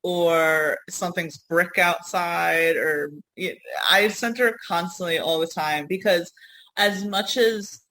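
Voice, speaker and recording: A woman from Yonkers with a New York accent, co-hosting a podcast in rambling, animated casual chat. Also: lowish voice, takes it slowly, low-quality recording. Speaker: podcast co-host.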